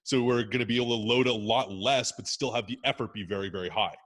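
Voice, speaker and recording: Fast-talking low-voiced man. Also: a bit bright. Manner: fast, emphatic, swears freely. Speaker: strength coach guest. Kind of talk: casual podcast chat.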